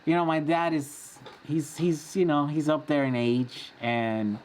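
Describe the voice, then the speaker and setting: A man's voice: fairly high pitch, fairly even intonation, unhurried, darkish tone, a little hiss or hum. A man in his forties hosting a casual live-stream Q&A, chatty and rambling, often laughing as he answers. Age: 40s.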